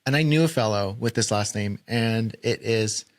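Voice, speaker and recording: A man co-hosting a casual podcast, talking in animated, quick bursts and laughing easily. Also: lowish voice. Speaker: podcast co-host.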